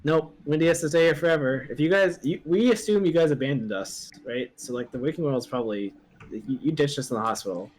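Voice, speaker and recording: A man co-hosting a board game playthrough, talking in a relaxed, hesitant way with many pauses. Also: on the high side, a little hiss or hum. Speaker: podcast co-host and game player.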